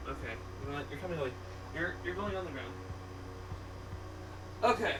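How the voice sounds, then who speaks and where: High, lively-voiced male streamer. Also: a little fast, pauses often, a little hiss or hum. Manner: animated, talks to his cat in a cooing voice. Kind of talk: casual live-stream chat. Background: faint background music.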